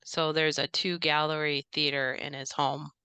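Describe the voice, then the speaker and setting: A polite, jittery house servant in a tabletop horror game, as a woman voices him. He rambles and hesitates, but his tone stays low and very smooth and crisp. The sound is dry and close. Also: little pitch movement, normal speed, bright, forceful tone, dry recording. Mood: chatty. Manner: hesitant, rambling, many fillers. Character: polite, nervous male house staffer.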